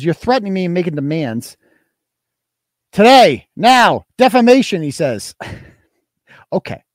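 A man's voice: on the high side, darkish tone, no echo, clean studio sound. A man with a Boston accent hosting a livestream talk show, ranting in a mocking, combative and profane way. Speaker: podcast host.

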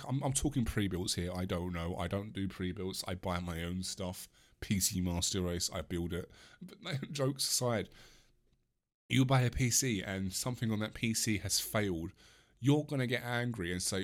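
A man's voice: mid-range voice, animated, moderate pace. A man in his mid-twenties ranting on his own, swearing often, restarting sentences and apologising for rambling. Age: mid-20s. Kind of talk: solo rant.

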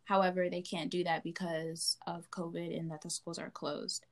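A woman's voice: lowish voice, flat delivery, normal speed. A woman co-hosting a podcast who chats casually with frequent fillers, then reads out a news summary. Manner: chatty, with frequent fillers and likes. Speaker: podcast co-host.

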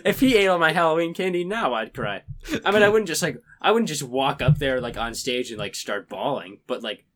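A man's voice: on the high side, lively intonation, brisk, fairly bright tone. A young man co-hosting a podcast in casual chat, joking and acting out voices of the people he talks about. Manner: joking, acts out quoted voices. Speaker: podcast co-host.

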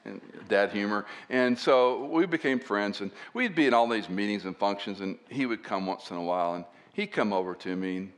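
A man's voice: lowish voice, moderate pace, few pauses. Earnest male pastor preaching. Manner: earnest, often dropping to a soft, hushed delivery for emphasis. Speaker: pastor and Bible teacher. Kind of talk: sermon.

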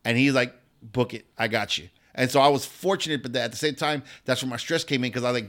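A man's voice: medium pitch, fast, fairly bright tone. A male comedian on a podcast, telling a story casually, swearing often and stumbling over repeated words. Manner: rambling, swearing, repeats words at the start of lines. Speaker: guest comedian.

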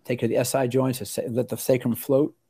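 An older male doctor recalling his training in a relaxed interview. His voice is warm and mellow, and he rambles, restarting sentences and slipping into quoted voices. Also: mid-range voice, fast, slightly rough. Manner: rambling, with many restarts and lively acted quotes. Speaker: osteopathic family physician, interview guest.

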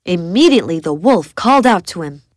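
A woman narrating a bedtime story for children in an expressive storytelling read. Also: fairly low pitch, fairly quick, dry recording, clean studio sound.

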